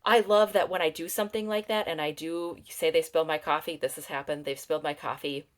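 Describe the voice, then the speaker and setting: A woman in her thirties, a guest on a parenting podcast, speaking earnestly and reflectively, slowing down to think aloud. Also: sits low, steady tone. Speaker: guest, parenting program client. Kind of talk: conversational interview.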